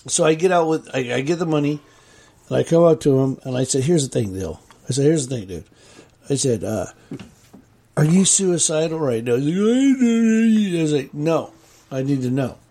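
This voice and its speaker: A man's voice: mid-range voice, fairly quick, mellow, breathy edge. A man in casual chat, telling a story in a laid-back way with casual swearing. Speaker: welder, guest.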